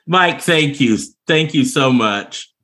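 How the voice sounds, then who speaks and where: A man's voice: medium pitch, expressive, takes it slowly, sharp tone, a little hiss or hum. A man hosting a podcast, chatting casually and laughing often. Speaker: podcast host. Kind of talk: casual chat.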